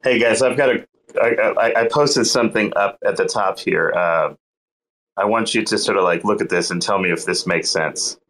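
A man's voice: lowish voice, normal speed, fairly bright tone, low-quality recording. A man in casual chat, asking curious questions with hesitant restarts.

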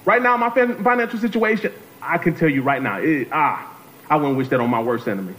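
A man's voice: fairly high pitch, expressive, fairly quick, fairly bright tone, slight background noise, low-quality recording. A man preaching a sermon as a guest speaker, talking to the congregation, repeating phrases and calling on them to answer.

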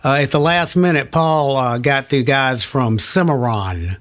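A man's voice: mid-range voice, unhurried, fairly bright tone. An older man recalling past recording sessions in an oral history interview, rambling and searching for names.

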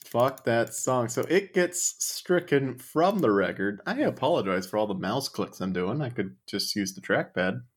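A man's voice: medium pitch, animated, normal speed, hardly any pauses, slightly rough. A man co-hosting a podcast in casual chat, rambling and self-deprecating. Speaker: podcast co-host.

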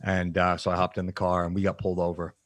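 Deep-voiced man telling a frank story. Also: monotone, no echo. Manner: frank and reflective, halting with fillers. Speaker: podcast guest, nutrition coach. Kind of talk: candid personal storytelling in an interview.

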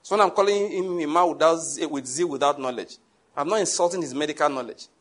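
A male preacher, delivering a lively sermon and asking his congregation questions. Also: a little high, fast. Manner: animated, rises to shouts, asks the congregation questions.

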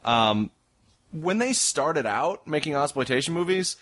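A man's voice: fairly high pitch, animated, a bit bright. A man co-hosting a casual movie podcast, chiming in with jokey asides and riffs. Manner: jokey, quick riffing asides. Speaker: podcast co-host. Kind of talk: casual movie review chat.

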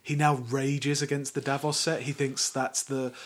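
A man's voice: medium pitch, flat delivery, moderate pace. Guy ranting on a podcast, wry, lots of likes and you knows. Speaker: podcast host. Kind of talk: casual chat.

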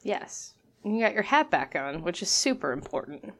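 A woman's voice: fairly low pitch, sing-song, normal speed. A woman co-hosting a casual podcast from home over a call, teasing and laughing often. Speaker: podcast co-host.

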